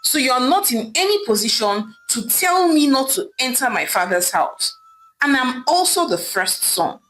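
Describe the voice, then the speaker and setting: A woman voicing a proud, desperate young man who is the eldest son, shouting indignantly. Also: high-pitched, sing-song, moderate pace, rough recording. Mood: angry. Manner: shouting, indignant, then wailing.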